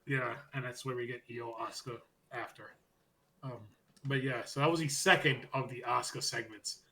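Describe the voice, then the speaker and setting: A man co-hosting a podcast, casually recapping wrestling and loudly acting out the quotes as he goes. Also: mid-range voice, moderate pace, slight background noise. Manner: animated storytelling, acts out quotes loudly. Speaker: podcast co-host.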